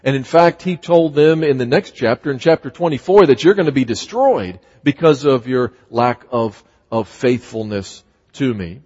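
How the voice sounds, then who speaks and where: A man's voice: mid-range voice, normal speed, a little mellow, slightly rough. A man preaching a sermon, emphatic, often repeating words and acting out scripture quotes. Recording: muffled sound with long hall reverb.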